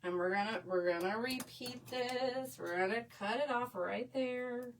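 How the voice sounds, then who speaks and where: A woman's voice: a little high, measured pace, distant mic, slight background noise. Bubbly woman teaching a craft. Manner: bubbly, chatty, gushing. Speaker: craft instructor. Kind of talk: live crafting tutorial, chatting with viewers. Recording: voice a bit away from the mic.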